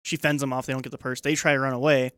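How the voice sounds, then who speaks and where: A young man co-hosting a podcast, animated and laughing often as he recaps a TV show with plenty of swearing. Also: mid-range voice, racing, smooth, no room sound. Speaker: podcast co-host. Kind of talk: casual chat recapping a TV show.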